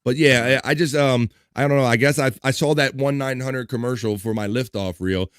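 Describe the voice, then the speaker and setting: A man hosts a relaxed livestream, trading jokes and laughing easily as he reads out chat messages. His voice sits in an ordinary middle register and sounds close and dry, with almost no room around it. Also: mid-range voice, brisk, smooth, no room sound. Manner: jokey, laughs often, reads chat comments aloud. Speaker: livestream host. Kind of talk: casual chat.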